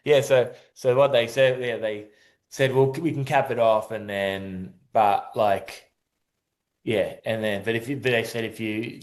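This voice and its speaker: A man's voice: lowish voice, fairly even intonation, measured pace. Man telling a story casually. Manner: rambling, many restarts and acted-out quotes. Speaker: guest, adaptive surfer.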